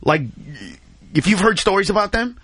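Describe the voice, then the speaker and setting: Male comedian guest, high-pitched, rapid-fire storytelling, slangy, dry close mic. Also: breathy edge, no echo. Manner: excitable, says dude and bro a lot, acts out voices. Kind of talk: animated anecdote telling on talk radio.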